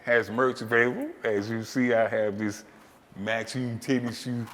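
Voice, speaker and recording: A man hosting, telling a story casually, swearing freely and breaking into loud, animated outbursts. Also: medium pitch, moderate pace, in a large hall. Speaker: host.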